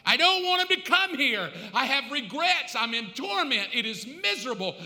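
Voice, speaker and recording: A man's voice: high voice, big pitch swings, fairly quick, pushed and bright, echoey room, long reverb tail, heavily acted. A preacher putting on a tormented dead man begging. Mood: desperate pleading. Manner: desperate, pleading cries.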